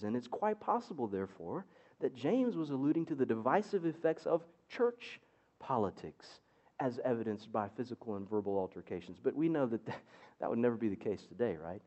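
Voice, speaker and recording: A man's voice: medium pitch, sing-song, brisk, warm tone, muffled recording. A man preaching a sermon as pastor, with wry, sarcastic asides.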